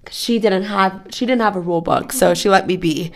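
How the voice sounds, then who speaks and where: A woman hosts a podcast in easy, talkative conversation and swears casually now and then. Her voice carries a gravelly vocal fry at a middling pitch. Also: brisk, crowd noise. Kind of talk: casual chat.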